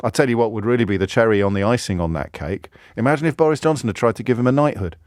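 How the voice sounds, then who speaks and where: A man's voice: fairly low pitch, animated, very fast, a little mellow, dry recording, clean studio sound. A man with a British accent hosting a radio show, delivering a mocking, sarcastic monologue that keeps building with incredulous emphasis. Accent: British English. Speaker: radio phone-in host. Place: radio studio. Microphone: studio microphone.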